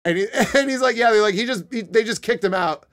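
A young man talks straight into his desk mic on a live stream, spinning a rambling story for his chat. His voice sits a little high for a man. He swears freely and keeps breaking into laughter. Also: quick pace. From Connecticut. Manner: animated, swearing, laughing often.

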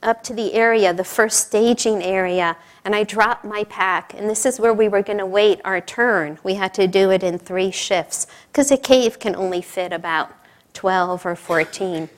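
A middle-aged woman speaking at a spiritual service tells a personal story in an informal, chatty sermon, laughing often and adding asides. Her voice is mid-range at a moderate pace.

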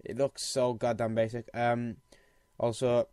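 A man's voice: medium pitch, flat delivery, a little slow, clear, resonant tone, no echo. A young man with a sore throat, giving profane, exasperated commentary while playing a game. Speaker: let's play gamer. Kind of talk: casual gameplay commentary. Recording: loud game music underneath. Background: looping clarinet game music.

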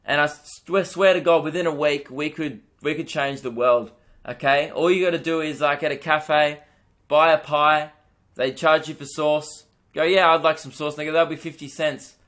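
A man's voice: on the high side, fairly even intonation, moderate pace, a bit bright. A young Australian man hosting a solo comedy podcast, ranting with mock outrage and swearing.

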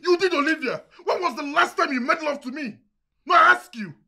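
An actor playing a frustrated husband who pleads and shouts. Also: male voice, very high voice, lively intonation, fairly quick, vocal fry, full character voice. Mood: aggrieved. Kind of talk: film drama acting.

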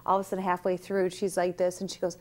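A woman chatting casually in an interview, a lively storyteller who acts out other people's lines as she tells them. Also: lowish voice, quick pace. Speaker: actress and guest. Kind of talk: casual chat.

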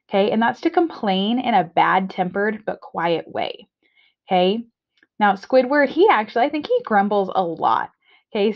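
A woman teacher giving a reading lesson from home, explaining in a friendly way and checking in with frequent "okay"s. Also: mid-range voice. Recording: dull lo-fi recording.

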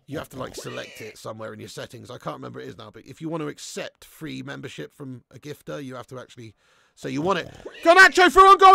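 A young man hosting a live football watch-along, chatting with viewers in a laddish, sweary way and breaking into shouts at big moments. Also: mid-range voice, creaky, no echo, studio quality. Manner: laddish banter, swears freely, reads chat aloud, bursts into shouts. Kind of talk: live stream chat and commentary.

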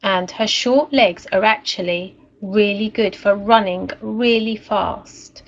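A woman teacher reading a story aloud and leading a recorded lesson for young children in a gentle, expressive way. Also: mid-range voice, slow pace, lo-fi sound. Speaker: primary school teacher.

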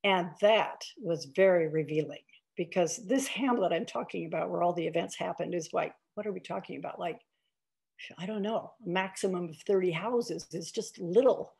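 An older woman with a low, gravelly voice and a slightly husky edge. She speaks over a video call, telling stories in a chatty way with plenty of fillers and restarts. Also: normal speed, darkish tone. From Iowa, United States. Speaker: author giving a talk.

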